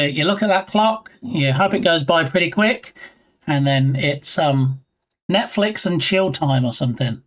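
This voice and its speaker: A man streaming live and chatting casually with his viewers in a playful, teasing way. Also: sits high. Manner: playful, jokey, teasing chat.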